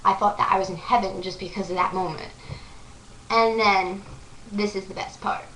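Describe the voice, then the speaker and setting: A young woman vlogger excitedly telling a story to the camera, gushing and full of "like" fillers. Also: mid-range voice, normal speed, recorded from a distance, slight background noise. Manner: breathless, gushing, lots of "like" fillers. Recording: echoey room, voice off-mic.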